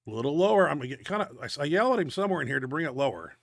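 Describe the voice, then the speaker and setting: A man's voice: fairly high pitch, big pitch swings, rapid-fire, creaky, no echo, studio quality. A middle-aged man hosting a powerlifting video show, commenting bluntly and profanely on lifts while he is winded and out of breath. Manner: blunt, profane gym talk. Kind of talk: casual commentary over lifting videos.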